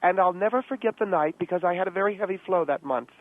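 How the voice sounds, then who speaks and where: A man's voice: high-pitched, fast, no echo, voice pushed up, natural voice. A man voicing a pompous, gossiping American society lady who gushes and calls people darling, heard over a phone line. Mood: gushing. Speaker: guest character on radio show.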